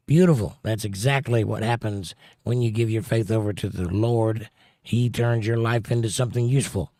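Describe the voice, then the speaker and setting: A man's voice: mid-range voice, mellow, no echo, clean studio sound. A man hosting a casual livestream, reading out viewer comments with a chatty, joking manner. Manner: jokey, chatty, quick to pun. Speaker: livestream host.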